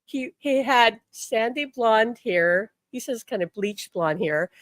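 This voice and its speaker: An older woman, a spiritual teacher, tells a personal story on a live stream in a chatty, animated way, often repeating words and saying "like". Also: fairly high pitch, slow, dry recording. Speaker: spiritual healer and angel teacher.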